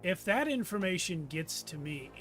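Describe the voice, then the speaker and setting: A man voicing a grim, businesslike male gang member in a tabletop game, speaking formally with slow, measured hesitations. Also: sits high, sing-song, fairly bright tone, soft background music.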